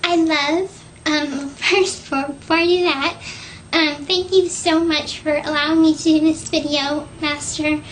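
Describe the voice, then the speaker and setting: A young woman in her twenties speaking into a self-recorded video, soft and hesitant, with many fillers and restarts and an earnest, devoted tone. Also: high voice, fairly even intonation, unhurried, a little hiss or hum, rough recording. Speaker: person recording a private video message. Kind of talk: casual spoken video message. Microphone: self-recorded video camera.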